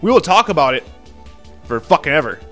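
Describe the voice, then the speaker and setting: A man's voice: a little high, big pitch swings, a little fast, a bit bright, faint music behind. A young man co-hosting a casual podcast, rambling with lots of fillers and swearing freely. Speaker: podcast co-host.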